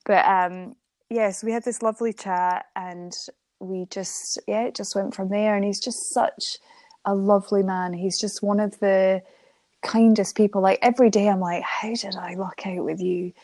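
A young woman, a guest in an interview, chatting warmly about her life and laughing often as she tells a story. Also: mid-range voice, steady tone, normal speed, dry recording. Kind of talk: emotional interview conversation.

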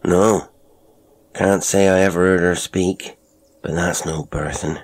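Narrator doing a brash young country lad, teasing, husky edge, audio horror. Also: male voice, sits low, fairly even intonation, slow, full character voice. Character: teasing young rural man, cocky and blunt.

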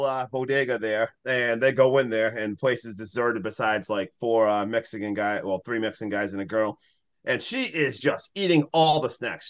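Male podcast co-host, mid-pitched, rambling storyteller, acts out characters' lines. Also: a bit bright. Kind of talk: casual movie recap chat.

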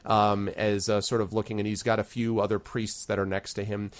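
A man's voice: fairly low pitch, flat delivery, brisk, no room sound. A man narrating as game master of a tabletop game, loosely, with many ums and uhs.

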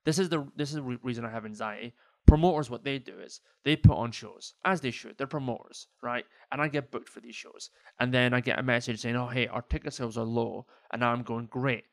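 A man talks alone into a podcast mic as a stand-up comedian, rambling and self-deprecating, with lots of fillers. His voice sits at an ordinary middle pitch. The recording is close and dry, with no room sound. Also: a little fast, creaky, dry recording. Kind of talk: casual solo podcast monologue.

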